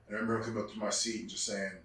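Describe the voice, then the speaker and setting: A man's voice: lowish voice, level tone, rapid-fire, a bit bright. A man, a former wrestler, tells reflective stories in an interview, restarting often and acting out the people he quotes. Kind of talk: storytelling interview. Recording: echoey room, distant mic.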